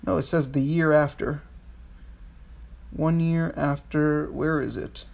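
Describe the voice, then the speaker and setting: Gravelly-voiced man rambling about history. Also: a little high, flat delivery, slow pace, darkish tone. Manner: rambling, swears, restarts often. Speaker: podcast co-host. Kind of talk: casual history chat.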